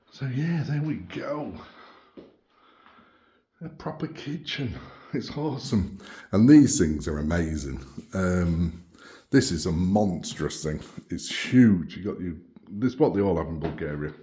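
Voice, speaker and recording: A man's voice: lowish voice, warm tone. A man chatting casually in a home renovation vlog, laid-back, often chuckling. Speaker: vlogger renovating a house. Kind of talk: casual vlog chat to camera. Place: outdoors on a rural property and indoors in a small kitchen.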